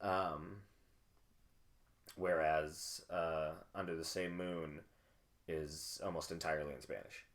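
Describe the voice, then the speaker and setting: A man's voice: rumbling low, steady tone, slow, pauses often. A man co-hosting a film podcast who talks loosely, full of "like" and "you know", and laughs easily. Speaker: podcast co-host. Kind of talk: casual film discussion.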